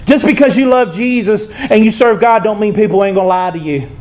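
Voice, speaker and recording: A man's voice: high voice, a little fast, darkish tone. A male preacher, delivering a conversational sermon and reading scripture aloud.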